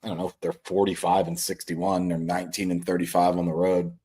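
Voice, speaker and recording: A man's voice: deep voice, little pitch movement, brisk, warm tone, slightly rough. A man co-hosting a casual sports betting podcast over a video call, sarcastic and swearing as he ribs his partner. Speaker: podcast co-host.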